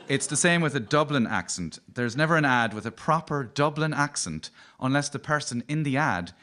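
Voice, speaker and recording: A man's voice: medium pitch, moderate pace. A man with a light Cork accent doing wry stand-up comedy as the host of a radio show. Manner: wry, lively comic delivery. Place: radio studio with live audience.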